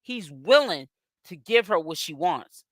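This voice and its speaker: A sassy celebrity gossip host from Boston, Massachusetts, with a Boston accent, delivers live-stream commentary while reading the chat. Her mid-range voice is expressive and fairly bright, and she's chatty, drawing her exclamations out. The audio is studio quality with no room sound.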